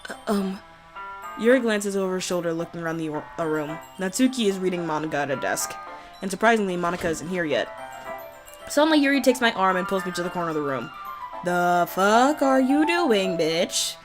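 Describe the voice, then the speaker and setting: A woman's voice: lowish voice, expressive, quick pace, music in the background. A young woman playing a horror visual novel at home at night, reading the story aloud and reacting in a jumpy, dramatic, sarcastic way. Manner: jumpy, dramatic, sarcastic, breaks into nervous laughs. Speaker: let's play host.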